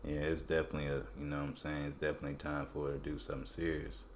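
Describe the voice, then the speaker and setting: A man's voice: very deep voice, rapid-fire, slight background noise. A man casually talking through crypto price charts in loose, colloquial speech. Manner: relaxed, colloquial, loose phrasing. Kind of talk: casual screen-recorded chart analysis.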